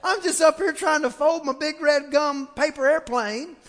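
Texan male pastor, storytelling sermon, high bright voice, long church-hall echo. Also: normal speed. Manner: animated storyteller, quotes voices, shouts for emphasis. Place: church sanctuary.

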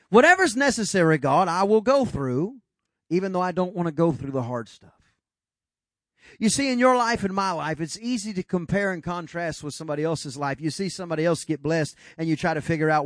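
A man's voice: high voice, quick pace, no echo. A man preaching a sermon as pastor, emphatic and building to dramatic retellings of scripture.

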